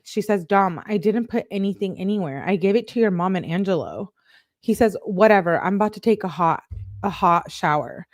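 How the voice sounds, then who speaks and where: A woman reading text messages aloud as a true crime YouTuber, quickly, with sarcastic asides. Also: medium pitch, animated, dry recording, clean studio sound. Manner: quick, sarcastic asides between read-out texts.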